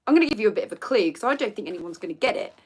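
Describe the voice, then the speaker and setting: A woman's voice: mid-range voice, animated, racing, darkish tone, slightly rough. A woman, hosting a casual live quiz chat and reading out viewer comments with frequent laughter. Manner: chatty, giggly, reads out viewer comments. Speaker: livestream host.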